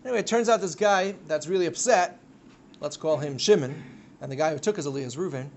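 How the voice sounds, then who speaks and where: A man giving a live religious lecture to a class, telling stories with sudden loud bursts. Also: fairly high pitch, fast talker, a little hiss or hum. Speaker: Torah teacher.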